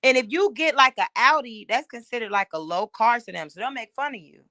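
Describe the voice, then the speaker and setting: A woman, a podcast guest, chatting casually and telling animated stories, laughing often and doing voices. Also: a little high, a little fast, no room sound, clean studio sound. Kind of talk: casual chat, storytelling.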